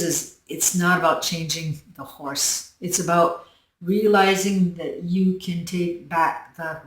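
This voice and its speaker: A woman hosting her own channel, giving a slow, earnest self-help talk that she drifts into softly. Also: low-pitched, recorded from a distance. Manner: slow, earnest, storytelling with soft dips in volume. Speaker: channel host. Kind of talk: reflective self-help monologue. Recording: roomy echo, voice set back from the mic.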